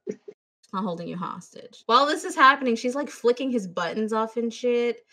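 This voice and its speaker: Profane, animated woman podcast host. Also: fairly high pitch, moderate pace. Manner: profane, animated retelling with quoted voices. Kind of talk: casual movie-review chat.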